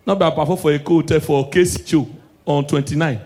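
A man with a Nigerian accent performing stand-up comedy in pidgin, shouting his punchlines and slipping into a mock preacher's delivery. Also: a little high, fairly even intonation, fairly quick.

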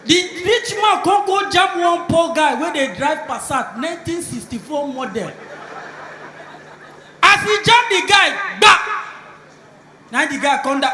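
A man telling a stand-up story in Nigerian Pidgin, animated and full of sound effects. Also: extremely high pitch, a little slow, long pauses, roomy sound, a little hiss or hum. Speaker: stand-up comedian. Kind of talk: stand-up routine.

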